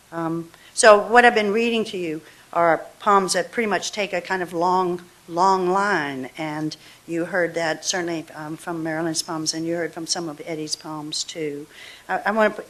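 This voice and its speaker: A woman's voice: fairly low pitch, a bit bright. Woman poet reading verse aloud. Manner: chatty asides, slow deliberate verse reading. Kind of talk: poetry reading with commentary. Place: university reading hall.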